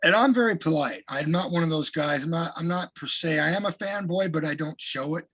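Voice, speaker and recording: Casting: husky middle-aged man, relaxed interview guest, lively anecdotes, slightly high voice. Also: brisk. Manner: animated anecdotes with profanity. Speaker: guest singer. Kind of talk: casual interview storytelling.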